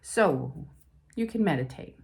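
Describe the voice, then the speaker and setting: Low-voiced middle-aged woman life coach. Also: expressive, takes it slowly, vocal fry. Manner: candid and confiding, talks through her feelings. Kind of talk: personal talk to camera.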